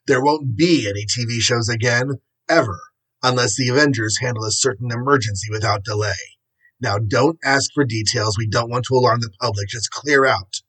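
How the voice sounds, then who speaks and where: A man's voice: medium pitch, fairly bright tone, husky, low-quality recording. A man voicing a terse armored superhero. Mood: commanding. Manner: clipped, brisk orders.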